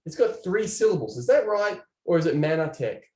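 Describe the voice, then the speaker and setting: A man giving an online training presentation, animated and chatty, talking to viewers in the chat. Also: sits high, brisk, echoey room.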